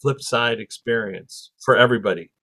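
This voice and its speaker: This male podcast host has a mid-range voice and a normal speaking speed. Animated throughout, he tells a story in casual chat and voices the people he's quoting.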